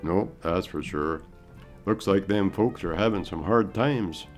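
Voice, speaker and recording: A man's voice: deep voice, measured pace, soft background music. A man voicing a grumbling old frontier guide with a folksy drawl.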